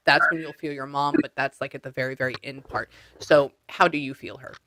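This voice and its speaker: A man's voice: mid-range voice, little pitch movement, brisk, bright, forceful tone. A man working as a spiritual medium, coaching a client step by step over a video call in a blunt, casual way and swearing freely.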